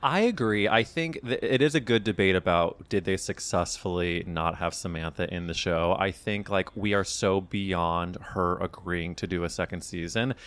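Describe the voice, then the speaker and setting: A man with a fairly low voice, grown up in the Midwest, co-hosts a casual podcast chat. He teases his partner, swears freely and keeps the tone light and playful. His delivery sits low and relaxed. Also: moderate pace, hardly any pauses. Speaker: podcast co-host.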